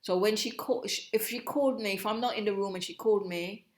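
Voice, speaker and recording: A middle-aged woman shares her memories in an interview. She talks in a reflective, halting way, often cutting off a word and starting the phrase again. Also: mid-range voice. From Jamaica. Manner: reflective, halting, breaks off and restarts mid-phrase. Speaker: guest, host's mother. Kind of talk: personal storytelling.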